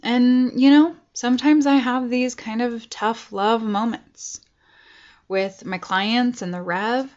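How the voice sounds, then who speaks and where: A woman's voice: on the high side, fairly even intonation, slow pace, darkish tone, muffled recording. A woman life coach giving a casual motivational talk to her viewers, earnest and chatty with tough-love asides.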